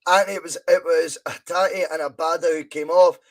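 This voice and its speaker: A man's voice: fairly high pitch, steady tone, moderate pace. A Scottish man hosting a live football watch-along podcast, chatting in a rambling way and reading viewer comments aloud. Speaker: podcast host.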